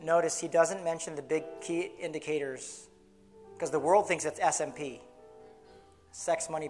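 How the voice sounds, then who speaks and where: A man's voice: fairly high pitch, fairly even intonation, darkish tone, faint music behind. Earnest man preaching a sermon. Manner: earnest, with many restarts, slowing to stress key words. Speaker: pastor.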